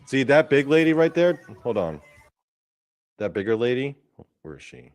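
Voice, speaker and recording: A male host giving rambling, profane, excitable commentary over wrestling footage. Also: mid-range voice, moderate pace, clear, resonant tone, faint music behind.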